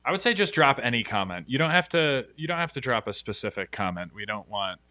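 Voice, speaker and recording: Bright-voiced man hosting a casual stream. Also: mid-range voice, sing-song, brisk, dry recording. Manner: upbeat, laughs easily, many restarts. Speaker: stream co-host. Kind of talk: casual livestream chat.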